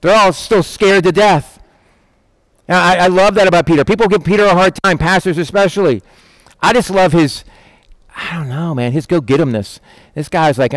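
A man preaching with a fairly high, animated voice, recorded close and dry with no room sound. He keeps his sermon conversational, checks in with his listeners and jumps into little voices for the people he quotes. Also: normal speed, no room sound. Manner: lively, acts out quotes in voices, asks "right?".

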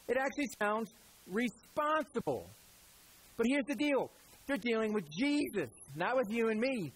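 A pastor with a husky, high voice preaches in a relaxed, chatty manner, speaking directly to the congregation and dropping quick asides. When quoting people, he briefly acts out their voices. The recording is low quality.

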